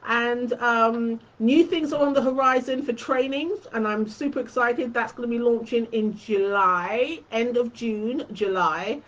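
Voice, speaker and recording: Woman, live-stream quilting host, chatty and fond, raised pitch, dull lo-fi audio. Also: measured pace, hardly any pauses. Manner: chatty, addresses viewers fondly. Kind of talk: casual live-stream chat.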